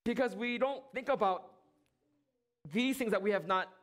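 A preacher with a high voice delivers a sermon. He asks rhetorical questions, pauses for effect and briefly acts out the lines he quotes. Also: fairly bright tone. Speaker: pastor.

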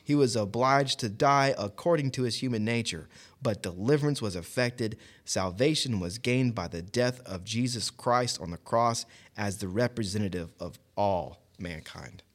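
A man in a casual Bible discussion podcast who laughs often and, when reading a long commentary aloud, reads it deliberately. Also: fairly low pitch.

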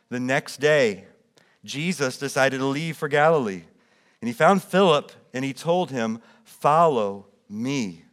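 A man preaching a sermon, reading scripture aloud and explaining it, rising in emphasis and then dropping quiet. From United States. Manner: drops soft and low when quoting quiet words. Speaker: pastor.

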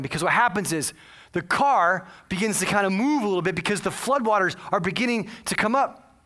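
A man's voice: high voice, lively intonation, fairly quick, pushed and bright. A man preaching a sermon, telling a story with earnest, dramatic delivery. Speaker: pastor.

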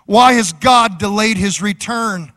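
A man's voice: sits high, a little slow, fairly bright tone. A man preaching a sermon as pastor, fervent and rhythmic, with repeated phrases.

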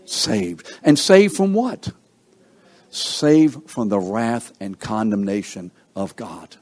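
Guy preaching, keeps asking the crowd questions, gets loud then drops real quiet. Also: lowish voice, animated, slow pace. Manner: call-and-response questions to the congregation; emphatic, swings from loud to hushed. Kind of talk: sermon.

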